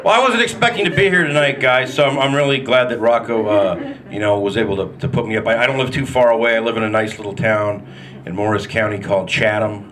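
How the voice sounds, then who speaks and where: A male stand-up comic works a comedy club stage with a wry, self-deprecating, punchy delivery. His voice is bright and forceful and sits at a middle pitch, with a faint murmur of the room behind him. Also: a little hiss or hum. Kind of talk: live stand-up comedy set.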